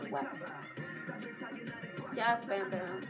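A woman's voice: mid-range voice, fairly even intonation, very slow. A young woman reacting to a music video, gushing and squealing with frequent laughter as the video plays behind her. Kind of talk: excited reaction vlog. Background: music video playing.

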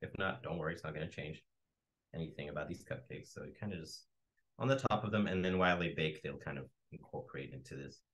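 A man hosting a baking class, telling animated behind-the-scenes stories as he works. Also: rumbling low, fast, poor audio. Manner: animated storyteller, acts out quotes. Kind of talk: casual storytelling during a baking demo.

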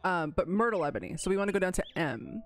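A woman's voice: fairly low pitch, quick pace, faint music behind. Chatty woman narrating her gameplay. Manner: chatty, animated, dramatic pleading and giggling asides. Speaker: gaming channel host. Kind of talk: casual let's-play commentary.

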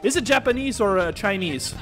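A man's voice: sits high, animated, fairly quick, a bit bright, soft background music. A man giving casual let's-play commentary while gaming, joking, swearing and laughing often.

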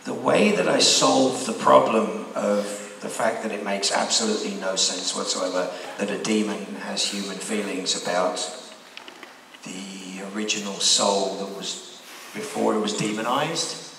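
Gravelly man in a big echoing hall. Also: lowish voice, unhurried, fairly bright tone, recorded from a distance, a little hiss or hum. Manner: wry, rambling and candid. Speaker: actor answering fan questions. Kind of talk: convention panel Q&A. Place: large convention hall. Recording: echoey hall heard from afar.

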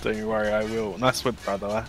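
A man's voice: on the low side, flat delivery, fast, over loud music, natural voice. A man voicing a laid-back Australian bartender in a game roleplay, swearing casually and saying mate constantly.

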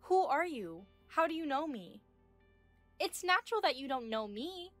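A woman's voice: high voice, very animated, moderate pace, fairly bright tone, dry recording, faint music behind. Indignant woman in her thirties narrating. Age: 30s. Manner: firm, indignant questioning. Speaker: narrator and wronged wife. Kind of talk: scripted audio drama narration.

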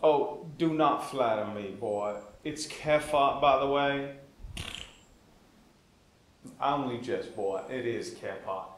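A man's voice: medium pitch, takes it slowly, pauses often, roomy sound, slight background noise, close to an everyday voice. A man voicing the stern, grandfatherly ghost of an old-time woodsman, with a put-on old-fashioned accent, lecturing and calling the listener "dear boy".

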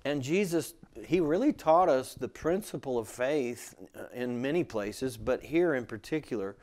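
A man's voice: mid-range voice, lively intonation, normal speed, a little mellow. Male Bible teacher, mid-range voice, casual sermon delivery with frequent restarts. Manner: conversational, restarts often, emphatic when quoting scripture.

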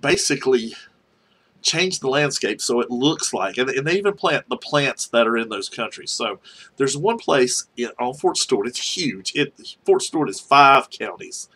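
Middle-aged man from North Carolina, husky tone, rambling anecdotal storyteller. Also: medium pitch, expressive, normal speed, sharp tone. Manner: rambling, many restarts, chuckles through stories. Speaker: archaeologist telling field stories. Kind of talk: casual spoken memoir storytelling.

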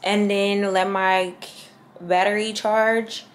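A woman's voice: medium pitch, flat delivery, slow, a little hiss or hum. A woman in her twenties vlogging casually to camera, chatty and slangy, talking straight to her viewers. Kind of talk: casual vlog chat to camera.

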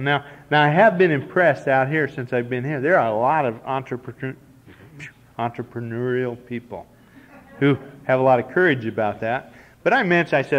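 A Nebraska man in his forties, medium-pitched and fairly quick, tells a folksy, self-deprecating personal story to a recovery meeting in a conference hall. The audio comes from a dull, slightly hissy old cassette tape.

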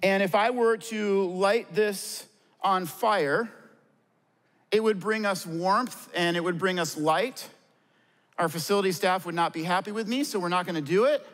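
A pastor with a notably high voice delivers an earnest sermon, asking questions and answering them himself. His words ring out through a large hall with a long, lingering reverb. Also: fairly bright tone. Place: church stage before a congregation.

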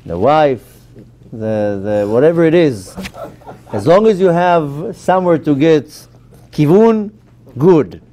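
Animated rabbi, mellow higher voice. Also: male voice, slow, long pauses, a little hiss or hum. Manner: emphatic, animated teaching with questions to the audience. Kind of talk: Torah class to a live audience.

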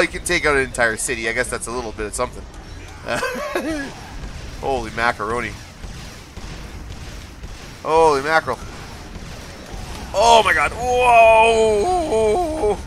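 A man streaming live gameplay, excitable, laughing often and trash-talking the enemies on screen. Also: a little high, normal speed, slight background noise. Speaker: game streamer.

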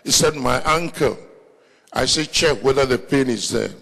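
A man with an African accent preaching a sermon as pastor, telling stories with animation and breaking into shouts. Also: medium pitch, normal speed, long reverb tail. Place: large church hall, live meeting.

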